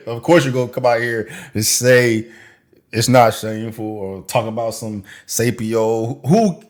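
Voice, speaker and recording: A man's voice: medium pitch, measured pace. A man hosting a reaction commentary, ranting in crude slang with a mocking edge. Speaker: commentary channel host.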